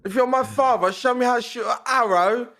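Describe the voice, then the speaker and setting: A man's voice: very high-pitched, fairly quick, pushed and bright, pitched above the performer's own voice, heavily acted. A man voicing a young boy who keeps pleading to know if someone is his father, done as a mocking bit.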